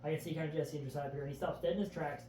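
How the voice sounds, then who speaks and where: Racing along in a mellow voice on the high side, this podcast guest keeps his intonation fairly even as he earnestly narrates events in vivid detail. He often starts with "I remember." The casual chat is captured far from the mic, in an echoey room with a faint background hum.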